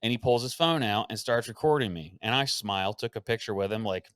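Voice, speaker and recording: A man with a fairly low voice recounts a story on his podcast in a loose, conversational way. He gets animated, acts out what people said and swears without holding back. The recording sounds close and dry, with no room sound. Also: fairly quick, clean tone, no room sound. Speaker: podcast host. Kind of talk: casual storytelling chat.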